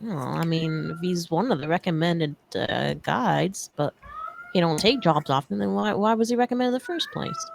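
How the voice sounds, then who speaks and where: Gravelly low-voiced woman player asking stuff, dry close sound. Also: very animated, moderate pace, slight background noise. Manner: questioning, casual. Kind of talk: casual game talk.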